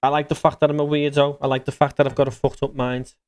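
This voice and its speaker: A man's voice: mid-range voice, flat delivery, fast, a little mellow, slight background noise. A man streaming a game, chatting casually and bluntly with swearing as he reads out viewer messages. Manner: blunt, swearing, reads chat aloud, chuckles often. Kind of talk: casual livestream chat while gaming.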